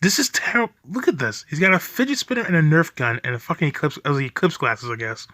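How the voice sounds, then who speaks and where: A man's voice: fairly high pitch, animated, fast talker, pushed and bright, no echo, studio quality. Furious, profane young man ranting. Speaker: video reaction host. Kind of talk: angry reaction commentary.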